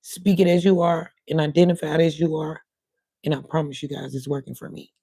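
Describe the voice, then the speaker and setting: A middle-aged woman chats loosely with her livestream viewers, wandering from one thing to the next. Her voice is warm and relaxed and keeps cutting in and out. The sound is dry and close. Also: low voice, fairly quick, breathy edge, dry recording. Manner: rambling, talks to viewers in chat. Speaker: livestream host. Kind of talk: casual livestream chat.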